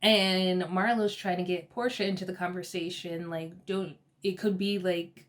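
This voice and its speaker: A woman giving a casual, gossipy recap of a reality TV episode, chatty and quick to laugh. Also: lowish voice, steady tone.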